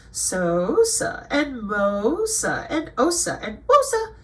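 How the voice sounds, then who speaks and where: A woman's voice: medium pitch, pushed and bright, rough recording. A woman reading aloud from a web page and commenting, indignant and lecturing at times. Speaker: online commentator.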